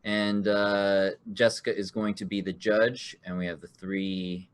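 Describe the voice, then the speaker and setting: A man's voice: on the low side, flat delivery, a little slow, clean tone. Guy hosting an online improv card game, cheery, laughing, reading rules out. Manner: upbeat, laughing often, reading rules aloud. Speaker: game show host.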